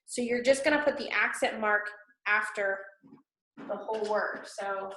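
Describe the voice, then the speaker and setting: A woman's voice: medium pitch, unhurried, pushed and bright, slight background noise. A woman teacher giving patient, step-by-step instructions to students, often checking in with "okay?". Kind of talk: classroom instruction recorded for students. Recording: echoey room.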